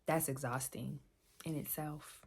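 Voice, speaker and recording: A woman's voice: deep voice, fairly even intonation, a little slow, a little mellow, breathy edge. A woman vlogger talking candidly about her own feelings, repeating herself for emphasis. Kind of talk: candid personal vlog talk.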